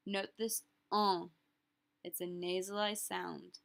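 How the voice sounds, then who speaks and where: Slow, careful woman language teacher. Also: medium pitch, steady tone, gravelly. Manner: slow, careful modeling of pronunciation, repeating phrases word by word; casual, friendly explanations. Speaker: French teacher. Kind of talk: recorded language lesson.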